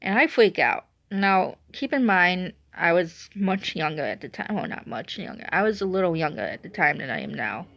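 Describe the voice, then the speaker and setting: A woman's voice: fairly low pitch, expressive, normal speed, creaky, few pauses, a bit bright, dry recording. A woman in her twenties telling a story in a casual, rambling way and often correcting herself. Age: 20s. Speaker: vlogger. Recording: dry, dull lo-fi recording.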